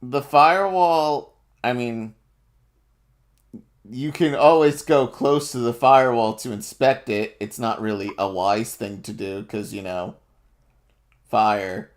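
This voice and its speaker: Male GM, mid-pitched, unhurried, rambling, lots of fillers. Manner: slow, rambling descriptions with many fillers and laughs. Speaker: game master. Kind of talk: narrating a tabletop game.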